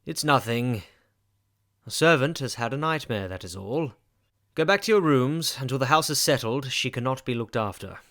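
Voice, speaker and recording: A man voicing a stern, brooding gentleman who is master of the house, speaking in commanding, curt tones for a storybook reading. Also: medium pitch, lively intonation, moderate pace, no echo, clean studio sound.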